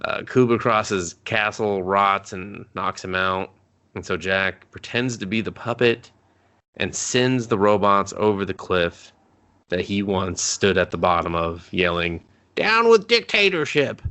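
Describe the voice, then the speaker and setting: A man casually recapping a movie, joking and swearing as he acts out characters in loud, high voices. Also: fairly even intonation, a little slow, clear, resonant tone. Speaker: podcast co-host.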